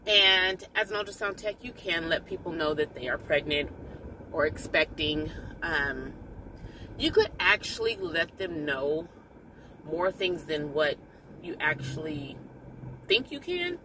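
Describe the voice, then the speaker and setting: Chatty woman vlogger, low voice. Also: a little slow, noisy background. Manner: chatty storyteller, animated when quoting patients. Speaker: ultrasound technologist and vlogger. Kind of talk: casual vlog chat.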